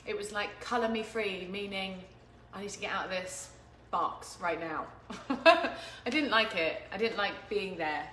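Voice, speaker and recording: A woman's voice: mid-range voice, slow, a bit bright. A woman hosting a home cooking stream, chatting in an easygoing, giggly way while she cooks. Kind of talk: casual chat while cooking. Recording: echoey room with faint noise.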